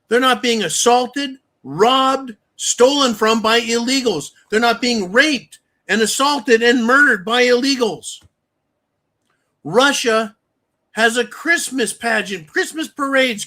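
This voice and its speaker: A man's voice: very high-pitched, sharp tone. A man hosting his own channel, delivering a heated, profane political rant. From United States. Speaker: channel host.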